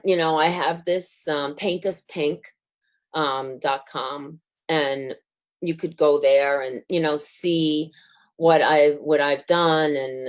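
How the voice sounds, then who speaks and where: A middle-aged woman, a guest telling a story in an interview, rambling with fillers and restarts and laughing as she gets excited. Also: low voice. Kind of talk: casual storytelling.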